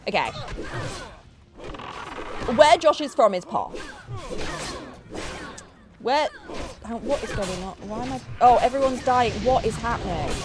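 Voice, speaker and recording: A woman's voice: on the high side, animated, a little slow, pauses often, faint music behind. A woman from Yorkshire with a northern English accent, chatting and teasing her viewers in a casual live stream while she plays a game. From Yorkshire, England. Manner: chatty, teasing, jokey banter with chat.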